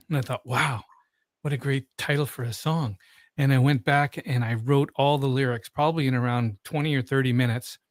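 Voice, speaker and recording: A man hosting an interview, telling a story in a relaxed, rambling way. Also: medium pitch, no echo, clean studio sound. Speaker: host. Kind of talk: conversational interview.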